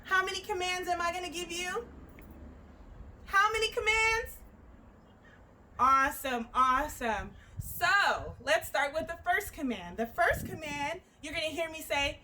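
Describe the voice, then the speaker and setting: A woman program manager leading children through a call-and-response movement game, cheering them on and shouting out commands with drawn-out calls. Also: high-pitched, expressive, slight background noise. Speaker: youth play program manager.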